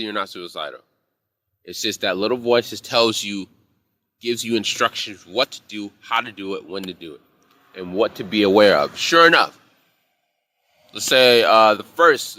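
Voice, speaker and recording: A man's voice: fairly low pitch, normal speed, bright, forceful tone, dry recording. A man teaching a casual live class on intuition, telling rambling, profane stories from his bar job in a heated way.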